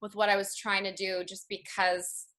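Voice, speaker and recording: A woman in her thirties telling her personal story in an interview, earnest and reflective, often slow and emotional. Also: medium pitch, level tone, sharp tone. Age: 30s. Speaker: interview guest.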